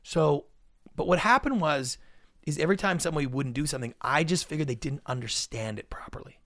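A middle-aged man, a podcast guest, telling his story in an animated way and acting out what people said. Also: fairly high pitch, brisk, no echo. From Canada. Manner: animated, acts out quotes. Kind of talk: storytelling interview.

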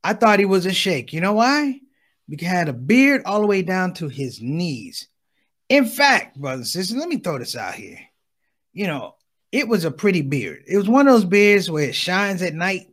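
A middle-aged man performing stand-up, his voice high and full of swings up and down. He slips in and out of impressions of his mother and father as he tells the story. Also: normal speed. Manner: animated, acts out voices of his parents. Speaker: stand-up comedian.

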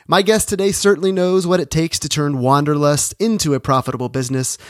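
A man's voice: a little high, a little fast, few pauses, soft background music. A man hosting a podcast interview, with an upbeat, hyped-up, salesman-like delivery. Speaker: podcast host.

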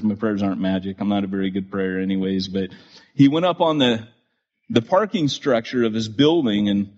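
A pastor in his forties, a man, telling stories from his ministry to a live church audience, animated and full of restarts and asides. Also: medium pitch. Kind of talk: storytelling sermon to a live audience. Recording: dull lo-fi recording.

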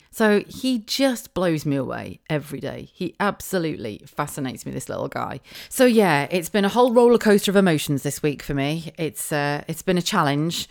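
Chatty, emotional British mum. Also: female voice, sits low, very animated, a little fast, gravelly, hardly any pauses. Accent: British English. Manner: emotional, chatty, laughs often. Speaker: parent vlogger. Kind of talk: casual chat.

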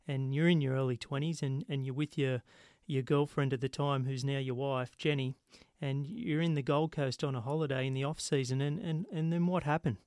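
A man hosting a relaxed interview, his voice smooth and resonant at a middling pitch. He stumbles over words as he builds questions, recorded dry and close. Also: no room sound. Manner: halting, repeats words while framing questions. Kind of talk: casual interview.

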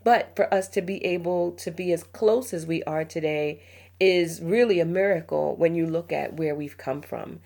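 Gravelly and warm, this lower-pitched woman's voice keeps a moderate pace. She's a middle-aged mom and podcast host, confiding an emotional family story on her parenting show and breaking into frequent laughter.

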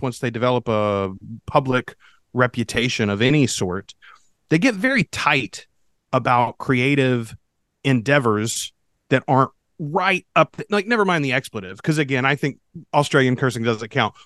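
A man co-hosting a podcast in casual, joking chat, talking quickly with frequent restarts. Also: mid-range voice, a bit bright, no echo, studio quality. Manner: quick, restarts and stumbles, jokey. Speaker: podcast producer and co-host.

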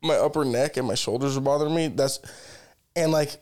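A podcast co-host chatting casually in a relaxed, joking way and slipping into mock quotes. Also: mid-range voice, fairly quick. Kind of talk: casual chat.

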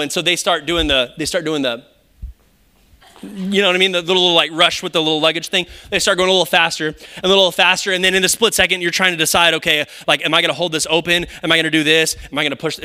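A man preaching a sermon in a church, animated and conversational, with frequent rhetorical questions to the congregation. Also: high voice. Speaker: pastor. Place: church sanctuary.

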